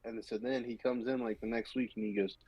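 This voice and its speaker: A man's voice: medium pitch, fairly quick, husky, no room sound, lo-fi sound. A man co-hosting a podcast, telling stories with a lot of life and jumping into customers' voices as he goes. His voice is dry and close, with no room sound around it. He talks in a loose, casual way. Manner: animated storyteller acting out customers' voices. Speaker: podcast co-host. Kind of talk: casual chat.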